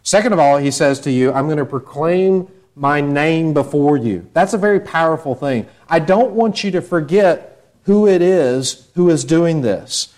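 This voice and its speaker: A man's voice: a little high, animated, normal speed, darkish tone. Earnest male pastor preaching. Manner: earnest preaching, voicing God's words in quotes. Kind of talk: sermon.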